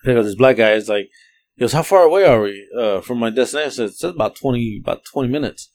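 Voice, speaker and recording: A man, a podcast co-host telling rideshare driving stories in a profane, animated way, acting out the quotes. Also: medium pitch, fast talker. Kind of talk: casual storytelling chat.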